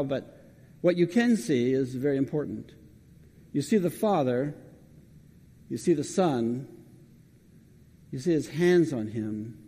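A man's voice: fairly high pitch, warm tone, long reverb tail. A man preaching a sermon, talking conversationally and putting questions straight to the congregation.

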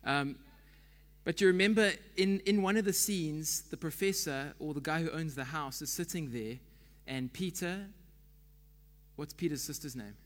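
A man's voice: fairly high pitch, moderate pace, big-room sound. A man giving a conversational sermon as pastor, chatty and quizzing the congregation.

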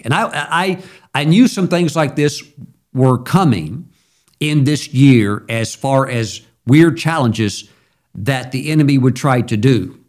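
A man's voice: mid-range voice, darkish tone. A middle-aged male pastor preaching a sermon in a conversational, storytelling way, with sudden emphatic jumps.

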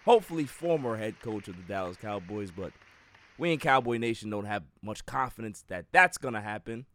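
A man's voice: on the low side, expressive, fairly quick, a bit bright. A man hosting a sports podcast, ranting emphatically and repeating words as he builds each point. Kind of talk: casual sports talk.

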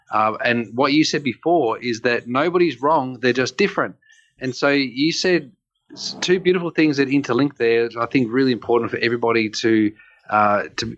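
A man's voice: mid-range voice, fairly bright tone, lo-fi sound. A man hosting a conversation, speaking earnestly and affirming his guest's point. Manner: earnest, affirming, with restarts and fillers. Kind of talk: conversational commentary.

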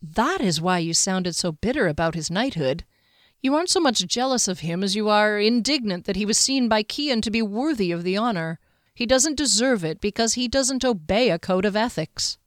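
A woman reading an audiobook and voicing a frank, spirited young woman warrior, blunt and exasperated, a little higher than her narration. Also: expressive, normal speed, no room sound, studio quality, close to an everyday voice. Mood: thoughtful.

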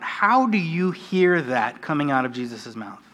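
A man's voice: on the high side, animated, normal speed, bright, forceful tone. An American man preaching a conversational, earnest sermon, with a self-deprecating manner. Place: church sanctuary. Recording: church hall with long reverb.

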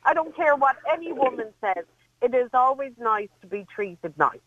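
A woman's voice: high-pitched, very animated, normal speed, no room sound, phone-quality sound. A woman co-hosting a radio show, frank and chatty. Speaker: radio co-host.

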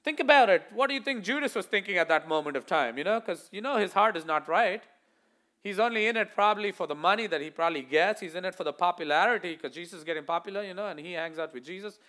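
A male pastor delivers an animated sermon to his congregation in a high voice. His tone is bright and forceful. He swings between loud declarations and hushed asides, acting out the voices he quotes. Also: fast talker.

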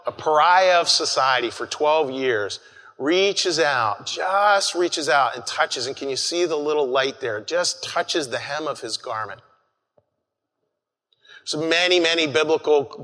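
Earnest preacher with a bright voice. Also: male voice, medium pitch. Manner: earnest, addresses listeners as folks, frequent restarts. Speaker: pastor. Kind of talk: conversational sermon. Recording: long hall reverb.

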